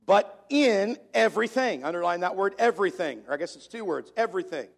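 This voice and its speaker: Gravelly high-voiced male preacher. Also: lively intonation, fairly quick. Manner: preacher cadence, repeats key phrases for emphasis. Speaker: pastor. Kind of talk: sermon.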